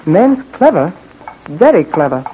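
A man's voice: a little high, sing-song, a little slow. A man playing a breezy, eager young American adventurer in 1940s radio acting, heard on a dull old radio recording with faint hiss. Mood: concerned.

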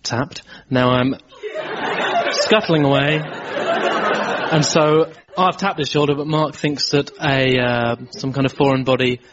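A man with a middle-pitched voice gives deadpan comedy banter beside the host. The recording is dull and lo-fi, and heavy audience laughter sits behind him. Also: takes it slowly, over a noisy crowd. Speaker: sidekick performer.

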